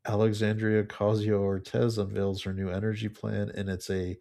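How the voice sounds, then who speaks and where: A man co-hosting a casual chat show, reading memes aloud one after another. His voice sits low and stays fairly flat, and he laughs often between jokes. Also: normal speed, gravelly. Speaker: podcast co-host reading memes.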